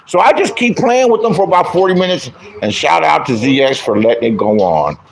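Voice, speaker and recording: A man's voice: fairly high pitch, very animated, fairly quick, gravelly. Profane boastful man telling wild stories. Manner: crude, boastful, acts out others' lines in mocking voices. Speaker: online commentator, self-styled comedian and troll. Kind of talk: profane storytelling rant.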